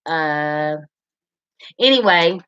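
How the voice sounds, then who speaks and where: A middle-aged woman hosts a casual live chat, rambling between viewers' comments. Her voice is bright and her pace is unhurried. The sound is a little dull and lo-fi. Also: deep voice, lively intonation, clear, resonant tone. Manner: chatty, rambling, addresses viewers by name. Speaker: livestream host.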